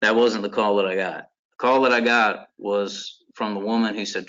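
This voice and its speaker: An American man speaks earnestly at a seminar, telling a personal story in a conversational way and often restarting his sentences. His voice sits fairly low. The recording sounds dull and lo-fi. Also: steady tone, moderate pace, hardly any pauses, fairly bright tone. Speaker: construction lawyer and seminar speaker.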